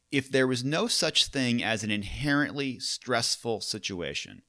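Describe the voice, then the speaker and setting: A man's voice: mid-range voice, a bit bright, no room sound, studio quality. A man hosting a solo podcast as a coach, talking in a casual, wry, conversational way.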